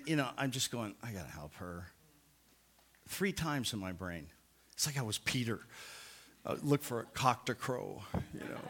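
A man, a pastor, telling a funny anecdote during a sermon and laughing at himself as he goes. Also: medium pitch. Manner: animated, self-mocking storyteller who laughs at himself.

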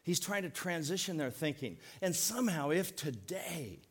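A middle-aged man preaching a sermon as pastor, folksy and joking, leaning on words by slowing down. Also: on the high side, expressive, husky. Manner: folksy, joking, emphatic preaching with slowed stresses.

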